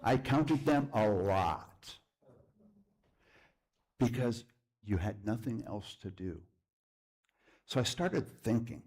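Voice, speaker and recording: A middle-aged man, preaching as a guest speaker and telling a personal story that swings from lively to hushed. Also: lowish voice, slow pace, pauses often. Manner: storytelling with lively shifts, drops to a hush. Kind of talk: sermon testimony. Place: church.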